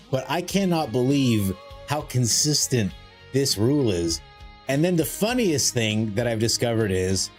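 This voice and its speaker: A man chatting casually on a live stream while playing a card game, rambling and self-mocking, greeting viewers in a high sing-song voice. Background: faint music.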